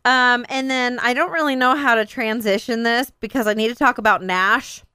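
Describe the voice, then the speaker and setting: A woman's voice: on the high side, moderate pace, clear, resonant tone, no echo, clean studio sound. A woman in her thirties telling a funny family story in casual chat, acting out the voices as she goes. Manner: animated, acts out a child's and others' voices in her stories.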